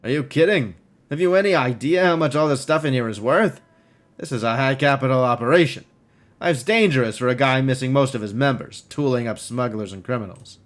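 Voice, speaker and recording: A man's voice: mid-range voice, brisk, lightly acted. A man voicing a boisterous, hungover middle-aged male cyber doctor who is cheerful and wisecracking.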